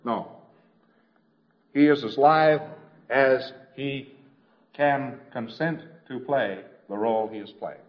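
A man's voice: mid-range voice, takes it slowly, pauses often, dull audio. A man giving an informal lecture in a conversational, wry storytelling manner, slipping into quoted voices.

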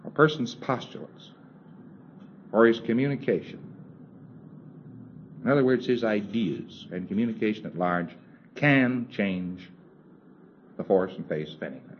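Low-voiced man lecturing on old tape. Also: lively intonation, unhurried, pauses often. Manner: conversational, wry, acts out dialogue with chuckles. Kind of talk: recorded lecture to students. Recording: dull lo-fi old tape with faint hiss.

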